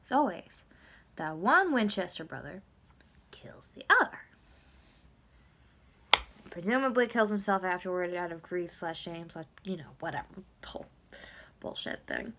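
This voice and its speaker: Rambling, animated woman vlogger. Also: mid-range voice, a little hiss or hum. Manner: animated, swings between loud outbursts and whispers. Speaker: video blogger recapping a TV episode. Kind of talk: casual, rambling episode recap.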